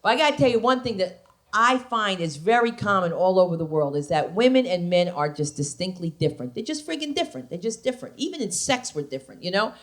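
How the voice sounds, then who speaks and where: A woman's voice: medium pitch, big pitch swings, fast. A middle-aged woman from New Jersey doing a stand-up comedy set, brash and profane, confiding in the crowd on a club stage. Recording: live club recording with noisy room.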